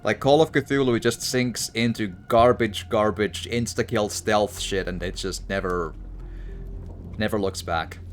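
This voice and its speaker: A man's voice: lowish voice, measured pace, slight background noise. A man commenting casually while playing a game, rambling and stammering through a rant. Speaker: gaming streamer. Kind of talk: casual let's-play commentary.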